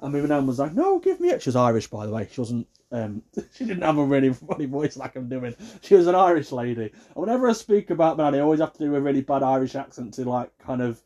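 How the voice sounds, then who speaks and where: A man ranting in a comic, exasperated way, jumping between hushed asides and loud outbursts. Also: medium pitch, fast talker. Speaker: vlogger. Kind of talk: comic rant to camera.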